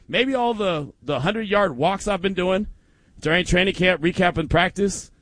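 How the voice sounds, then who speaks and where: A man's voice: high-pitched, moderate pace, fairly bright tone, dry recording. A male radio host telling a story in casual chat, a little out of breath and laughing often as he talks.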